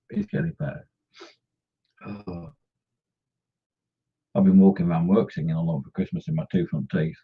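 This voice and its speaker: Reading out comments on his model-painting stream, this middle-aged man jokes around and teases his viewers in casual, chatty banter. His voice sits low, breathy and touched with vocal fry. The stream audio is dull and lo-fi.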